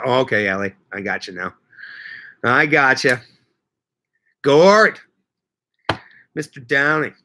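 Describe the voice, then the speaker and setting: A man hosts a laid-back gardening livestream, rambling and cracking jokes while reading viewer comments out loud. His medium-pitched voice swings widely in pitch and has a sharp edge, and he speaks slowly with long pauses.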